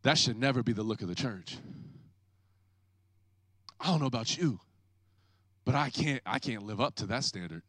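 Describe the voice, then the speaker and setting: A man pastor preaching an energetic, joking sermon, acting out people's excuses. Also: medium pitch, normal speed, pauses often, no room sound, studio quality.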